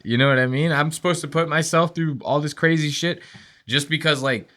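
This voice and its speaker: A man's voice: a little high, brisk. A young man co-hosting a podcast, rambling and profane in casual chat. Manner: profane, rambling storytelling with animated impressions. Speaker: podcast co-host.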